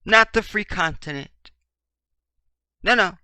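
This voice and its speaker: Man, preachy commentary monologue, emphatic repetition, bright sharp tone, dry close sound. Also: sits high, slow, smooth, dry recording. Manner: swings from loud to very quiet. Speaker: commentary channel host.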